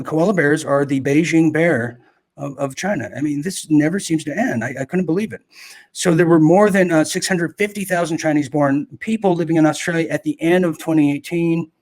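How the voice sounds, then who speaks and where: A man with a somewhat high voice hosts a live commentary show. He talks sarcastically and rambles, and he keeps breaking in with mocking asides and corrections of himself.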